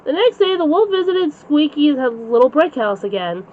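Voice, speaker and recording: High-voiced woman reading a bedtime story. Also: very animated, normal speed. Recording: slightly dull lo-fi recording.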